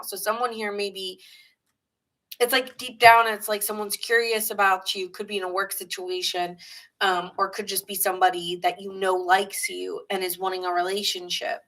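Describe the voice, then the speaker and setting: A woman's voice: medium pitch, little pitch movement, normal speed, fairly bright tone, rough recording. A woman from New York with a New York accent, giving a chatty, rambling live tarot reading and greeting viewers in the chat. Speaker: tarot reader.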